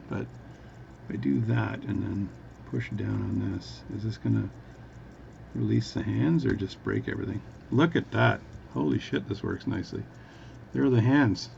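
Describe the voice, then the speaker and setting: Watch vlogger, man, gravelly voice, rambling and jokey, muffled recording with faint hum. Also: fairly low pitch, mellow. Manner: rambling, self-interrupting, jokey. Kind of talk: casual workbench talk.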